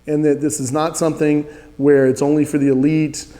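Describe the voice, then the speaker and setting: A man's voice: a little high, little pitch movement, fairly quick, warm tone, big-room sound. A man teaching a spiritual practice, earnest, leading listeners in repeated chants.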